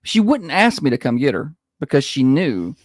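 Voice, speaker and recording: A man's voice: medium pitch, big pitch swings, moderate pace, no room sound. A man, co-hosting a radio morning show and teasing his co-host in a dry storytelling way. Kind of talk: casual chat. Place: radio studio.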